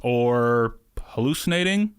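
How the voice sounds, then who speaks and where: Lively podcast co-host man. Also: medium pitch, slow, smooth, no room sound, studio quality. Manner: animated, rambling with fillers. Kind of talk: casual chat.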